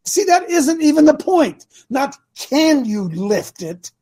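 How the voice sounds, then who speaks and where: A man in his sixties hosts a call-in radio talk show, speaking in a very high-pitched, sing-song voice with a warm tone. He takes things slowly, sounding folksy and preachy as he acts out the voices of the people he quotes.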